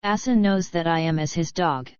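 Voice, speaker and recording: A woman's voice: lowish voice, normal speed, clean tone, dry recording, lightly acted. Cowering fearful tribesman, read by a woman, sullen, pleading, dry, slightly dull sound.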